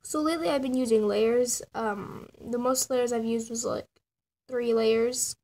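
A woman's voice: on the high side, fairly even intonation, measured pace, darkish tone. A teenage girl casually narrating her animation process, rambling, laughing and mocking her own drawings. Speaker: channel owner showing her animation process. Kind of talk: casual self-mocking tutorial.

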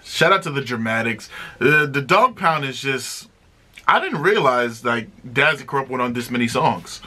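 Bright-voiced excitable male reviewer. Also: medium pitch, normal speed. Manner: excitable, slangy, chatty. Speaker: music reaction host. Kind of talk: casual music reaction review.

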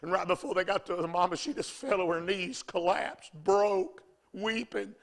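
A man preaching a fiery revival sermon in a church, swinging from hushed storytelling to shouting. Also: sits high, moderate pace, creaky.

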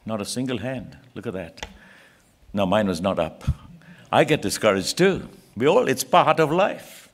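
A man's voice: on the low side, animated, measured pace. A man preaching a sermon in a church, earnest and pleading, rising to emphatic peaks.

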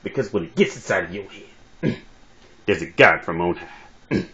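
A man voicing a slow, greedy male preacher who hums between drawn-out phrases. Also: low voice, lively intonation, bright, forceful tone, pitched below the performer's own voice. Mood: preaching. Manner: drawn-out preaching broken by humming "mm". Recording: dull lo-fi phone recording.

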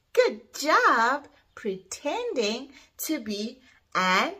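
A young woman leads toddler speech practice in a high, very slow sing-song. Her voice is bright, and her pitch swoops widely as she stretches each word. She sounds out first letters with careful, exaggerated articulation. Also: huge pitch swings.

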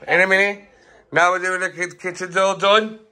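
Man, bright forceful tone, upbeat slangy walkthrough vlog talking straight to viewers. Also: sits high, little pitch movement, normal speed. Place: house being renovated, then walking outdoors.

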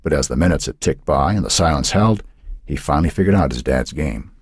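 A deep-voiced man reads an audiobook with lively, expressive storytelling. His tone is husky, and the recording is dry and close. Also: brisk, dry recording. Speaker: audiobook narrator. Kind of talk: scripted narration.

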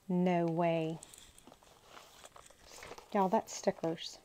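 Lady gushing over craft paper, talks real slow, little faint hiss behind her. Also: mid-range voice, darkish tone, poor audio. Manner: gushing, talks to herself while handling paper. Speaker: crafting channel host. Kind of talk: casual unboxing chat.

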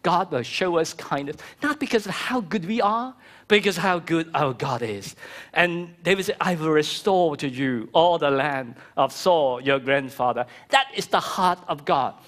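Animated man preaching a sermon. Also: on the high side, normal speed. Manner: animated preaching, acting out quoted voices. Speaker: pastor. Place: church hall.

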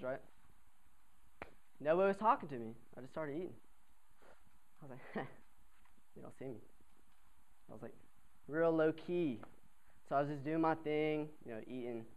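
A young man, a college cadet, telling a comic story to an audience in a chatty, animated way, often asking the crowd to answer him. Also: fairly high pitch, highs cut off. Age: young adult.

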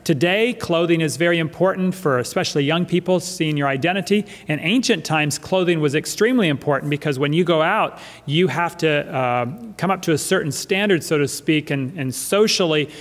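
A man's voice: on the high side, brisk, few pauses. A male pastor preaching a sermon in a church, emphatic and fond of repeating his key phrases. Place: church sanctuary. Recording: church hall reverb.

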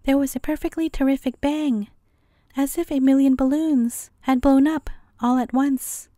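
A woman storyteller narrating a fairy tale as a bedtime story in a gentle, measured way. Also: sits high, fairly even intonation, dry recording, studio quality.

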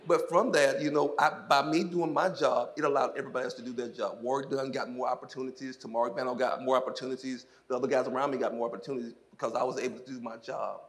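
A man from South Mississippi, a former football player, giving an animated testimony on a church stage, laughing often as he tells stories. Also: medium pitch, quick pace, hardly any pauses. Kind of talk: onstage interview testimony. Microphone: handheld microphone.

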